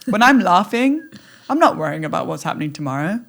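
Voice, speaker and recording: A woman talking as a podcast guest in an animated, playful way, acting out little scenes as she speaks. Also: lowish voice, quick pace, creaky. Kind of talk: conversational interview.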